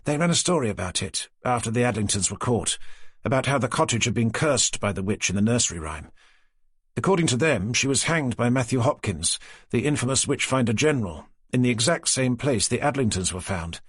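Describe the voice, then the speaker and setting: A man reading an audiobook, voicing a brisk, helpful young woman officer with a husky tone, reporting in a businesslike way. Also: mid-range voice, animated, no room sound, clean studio sound.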